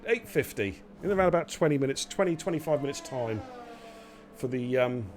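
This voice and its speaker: A man hosting a live racing stream in a relaxed, chatty way, joking with his audience. His voice sits at an ordinary middle pitch, and a faint background hiss runs under it. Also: fairly quick. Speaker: esports race league host. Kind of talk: casual live-stream commentary.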